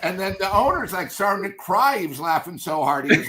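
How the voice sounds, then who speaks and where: A man's voice: high-pitched, lively intonation, fairly quick, few pauses, crowd noise. A man on a sports podcast telling a brash, profane story and acting out both sides of the conversation. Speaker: panelist and season ticket holder. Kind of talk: animated anecdote on a sports podcast.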